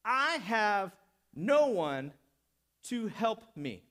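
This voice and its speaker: Brief: a man doing a defensive, slangy paralyzed man, raised voice, pitch jumping high and low. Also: very animated, very slow, a bit bright, full character voice. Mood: exasperated. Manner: slangy, exasperated, making excuses.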